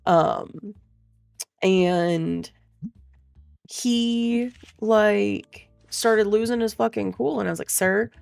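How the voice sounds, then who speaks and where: A woman's voice: medium pitch, very slow, creaky, pauses often, darkish tone, no echo, soft background music. A young woman streamer telling a rambling, swear-laden story in a casual way, full of fillers. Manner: profane, rambling, filler-heavy.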